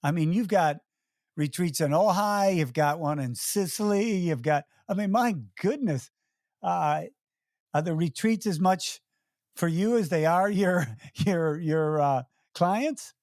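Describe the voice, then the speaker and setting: A man's voice: sits high, a little slow, a little mellow, no echo, studio quality. A man hosting an interview, laughing easily and retelling stories with quoted voices. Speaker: host. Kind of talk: casual interview conversation.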